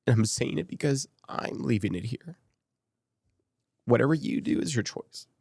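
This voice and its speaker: A man's voice: medium pitch, animated, moderate pace, vocal fry, a little mellow, slightly rough, dry recording, clean studio sound. A man from Las Vegas speaking as a podcast guest, telling a candid personal story and retelling past conversations in quoted dialogue, emotional and choked up at times. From Las Vegas, USA.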